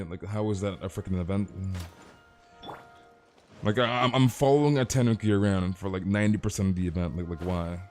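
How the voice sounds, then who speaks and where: A man's voice: fairly low pitch, a little mellow. A young man streaming a game and chatting casually with viewers, rambling and tossing in "dude" and amused exclamations. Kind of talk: casual live-stream chat.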